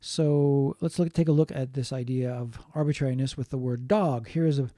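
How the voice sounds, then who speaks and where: A man giving a linguistics lecture, explaining slowly, repeating key points and adding short Japanese glosses. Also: medium pitch, steady tone, mellow. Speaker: linguistics teacher. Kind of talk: online lecture.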